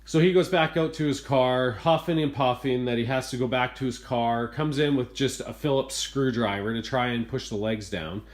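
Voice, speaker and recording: A man speaks into a handheld phone camera inside his home kitchen. He rants about a bad repair visit in an exasperated, hurried way. His voice sits at an ordinary male pitch. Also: fairly even intonation. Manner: exasperated, retelling events in a rush. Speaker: homeowner reviewing appliances. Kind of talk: ranting home video complaint.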